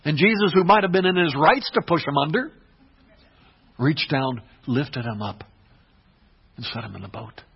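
Male pastor, dynamic sermon delivery, slightly husky, muffled low-fi recording. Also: moderate pace, pauses often. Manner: dynamic preaching, swings from hushed to emphatic. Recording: dull lo-fi recording.

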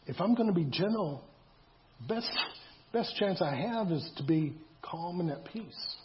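A man's voice: high-pitched, lively intonation, measured pace, a little hiss or hum. A man preaching a sermon in a conversational way, repeating himself and asking rhetorical questions. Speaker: pastor. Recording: dull lo-fi sound.

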